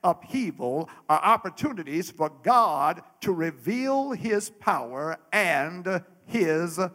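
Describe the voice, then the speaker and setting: A male preacher delivers a sermon in a high, bright voice. His pitch rises and falls widely as he goes, and he speaks slowly, repeating phrases before breaking into shouts. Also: very animated. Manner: preaching cadence, swelling to shouts, many repeated words.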